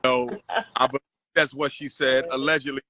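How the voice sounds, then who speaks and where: A man preaching emphatically, bright and forceful. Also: medium pitch, little pitch movement, normal speed, no echo. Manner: preacherly, emphatic, repeats phrases. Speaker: host. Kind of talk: casual street interviews and commentary.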